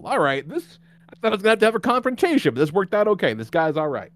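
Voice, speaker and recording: Animated man telling a story. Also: fast. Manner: animated, acts out quotes with big pitch jumps, laughs often. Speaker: podcast host. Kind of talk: casual storytelling chat.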